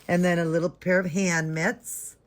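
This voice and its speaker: A woman's voice: on the low side, level tone, moderate pace. A woman chatting through a casual unboxing vlog at home, gushing and sentimental and close to tears. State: emotional, holding back tears. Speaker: vlogger unboxing a reborn doll. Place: home doll nursery room.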